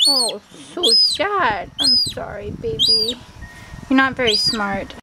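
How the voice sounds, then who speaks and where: A woman's voice: fairly high pitch, animated, slow pace. Sing-song woman baby-talking a pet. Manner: coaxing, sing-song, cheering on. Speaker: pet owner filming her seagull chick. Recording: loud background noise and bird chirps.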